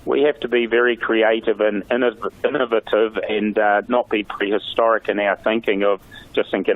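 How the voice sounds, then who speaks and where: A middle-aged man, a mayor speaking in a radio interview over the phone, halting with many fillers and restarts. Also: on the low side, flat delivery. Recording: tinny phone line.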